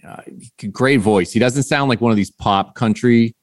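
A man's voice: medium pitch, normal speed, dry recording. A man cohosting a podcast, chatting casually and enthusiastically with profanity. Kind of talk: casual chat.

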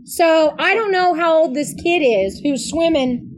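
Mulher de voz aguda e fala lenta. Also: female voice, very high-pitched, lively intonation, slight background noise. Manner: unhurried, swears in shocked reactions. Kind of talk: casual chat.

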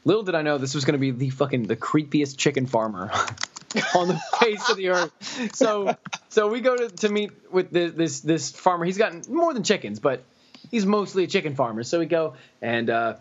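A man's voice: fairly high pitch, expressive, moderate pace, highs cut off, a little hiss or hum. A man from Florida telling a long story on a casual podcast, rambling with lots of "like" and "you know". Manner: rambling, full of "like" and "you know", laughing at his own story. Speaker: podcast co-host.

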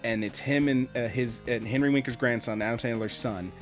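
A man co-hosting a podcast, telling a story in casual chat, animated and swearing freely. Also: mid-range voice, a little fast, soft background music. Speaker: podcast co-host.

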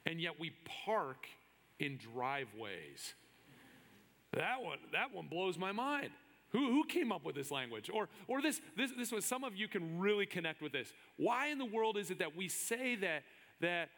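Guy pastor joking around from the pulpit, bright tense voice, long hall reverb. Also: sits high. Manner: joking, conversational, many restarts. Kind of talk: sermon.

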